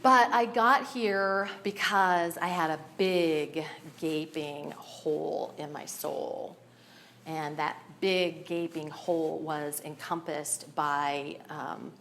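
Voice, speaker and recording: A woman with a fairly low voice gives a personal share to a recovery meeting. She sounds nervous and candid, often laughing between her words. A faint hum sits behind her. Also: fairly bright tone.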